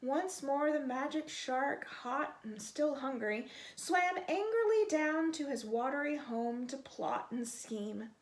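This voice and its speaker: A woman reading a children's picture book aloud, expressive and stretching out the sound words. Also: sits high, slow, hardly any pauses. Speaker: storytime reader.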